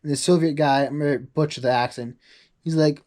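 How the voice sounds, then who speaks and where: A young man chats through a rambling vlog with a slightly high-pitched voice. He fills his talk with "like" asides. When he quotes other people, he acts them out in a higher voice. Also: fairly even intonation, fairly quick, darkish tone. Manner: chatty, rambling, full of "like" asides. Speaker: vlogger. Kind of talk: casual vlog monologue.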